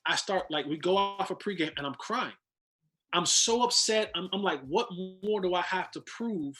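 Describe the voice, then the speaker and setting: A man's voice: high-pitched, normal speed, pushed and bright, soft background music. A man, a former football player, telling a long story as a guest in casual chat, restarting and repeating words as he goes.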